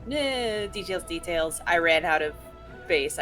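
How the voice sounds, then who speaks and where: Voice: medium pitch, expressive, measured pace, sharp tone, soft background music. A player explaining their moves matter-of-factly in a casual tabletop game.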